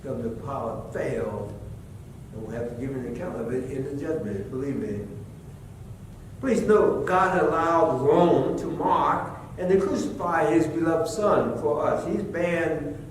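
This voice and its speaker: A fairly high-voiced man preaches a sermon, moving between low, measured teaching and loud, impassioned stretches. He is picked up from some distance in a very echoey church sanctuary with a faint rumble behind him. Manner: preaching, rising to impassioned shouts. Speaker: pastor.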